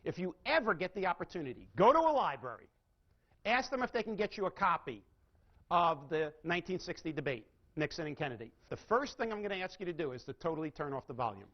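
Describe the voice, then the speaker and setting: A seminar speaker delivers a live sales training lecture, quizzing his audience and shifting his emphasis and pace. His voice is on the high side, very animated and fast, captured in a dull lo-fi recording.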